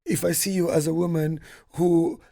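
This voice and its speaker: A man's voice: fairly high pitch, little pitch movement, normal speed, creaky, dark tone. A man as guest in a casual book discussion, explaining ideas in long, hesitant sentences.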